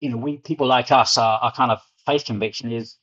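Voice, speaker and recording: A man's voice: medium pitch, fairly even intonation, a little fast, a bit bright. A middle-aged man with a London accent, telling stories as an interview guest and often repeating words as he gets going. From England. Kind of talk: storytelling interview. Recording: muffled lo-fi audio.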